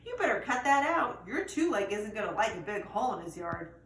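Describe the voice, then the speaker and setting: A woman's voice: mid-range voice, sing-song, a little fast, fairly bright tone. A woman voicing a mean, streetwise male German Shepherd in a storybook, bossy and full of warnings. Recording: roomy echo, distant mic, faint noise.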